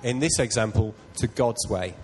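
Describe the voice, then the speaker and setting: A man's voice: on the low side, moderate pace, a little hiss or hum, rough recording. A man preaching a sermon, telling a personal story in an earnest, self-deprecating way. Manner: earnest, self-deprecating, builds to loud excitement.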